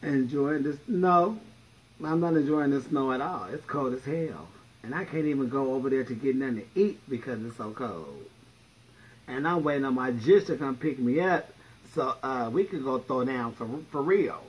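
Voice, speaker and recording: Sassy, husky-voiced man telling stories. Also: medium pitch, animated, normal speed, low-quality recording. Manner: sassy, blunt, profane, story-telling. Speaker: drag performer livestreaming. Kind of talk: casual livestream storytelling.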